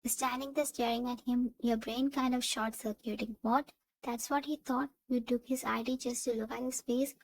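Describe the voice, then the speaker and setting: Woman narrating a pov fanfic, kinda high voice, super flat, dry sound. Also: moderate pace, dry recording, rough recording. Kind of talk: second-person fan fiction narration.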